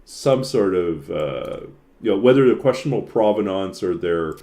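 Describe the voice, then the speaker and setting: A man's voice: sits low, expressive, moderate pace, dark tone. A man streaming a game and chatting casually, rambling with lots of filler words and frequent chuckles. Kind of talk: casual chat while playing.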